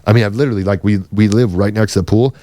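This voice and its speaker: A man's voice: fairly low pitch, fairly even intonation, very fast, dark tone, no room sound, clean studio sound. A man telling a rambling story on a podcast, swearing freely and acting out what others said. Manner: swearing, rambling, acts out quoted voices. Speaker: podcast host. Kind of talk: casual storytelling chat.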